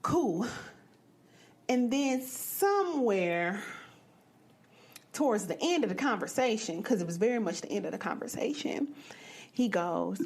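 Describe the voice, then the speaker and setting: A young woman from the American Midwest hosting a podcast, telling a personal story in a blunt, profane and animated way. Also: mid-range voice, unhurried, long pauses, slightly rough. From Midwestern United States. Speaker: podcast host. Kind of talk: candid storytelling monologue.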